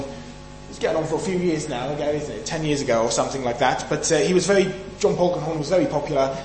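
A man from the UK delivers an emphatic sermon, often throwing questions out to his listeners. His voice sits a little high for a man. The sound is roomy and echoey, with a faint hum underneath. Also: darkish tone. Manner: emphatic, asks the audience questions. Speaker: preacher.

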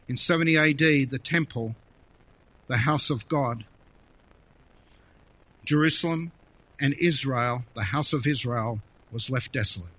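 A man preaching a sermon, reading scripture aloud with feeling and expressive emphasis. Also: medium pitch, measured pace, pauses often. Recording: dull lo-fi recording.

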